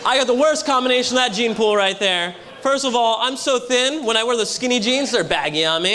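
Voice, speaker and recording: A young man doing a brash stand-up comedy set with loud crowd work at a hotel show. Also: very high-pitched, lively intonation, a little fast, few pauses. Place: hotel comedy show before a live audience. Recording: live room with audience.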